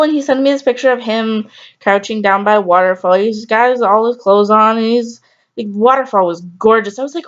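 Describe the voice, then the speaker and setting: A woman's voice: a little high, normal speed. A woman vlogger telling a story casually to camera, candid, rambling and exasperated. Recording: slightly dull lo-fi audio.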